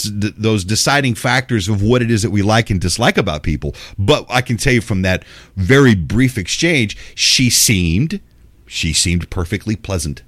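A man's voice: lowish voice, a bit bright, no echo, clean studio sound. A man from Memphis hosting a radio show, talking in a casual, meandering monologue with frequent restarts and fillers. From Memphis, Tennessee.

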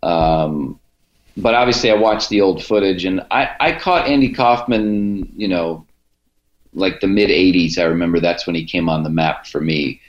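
A Cleveland podcaster and comedian with a deep voice talks at a normal speed in a casual interview, telling rambling stories and restarting often. The room sound is dull and echoey.

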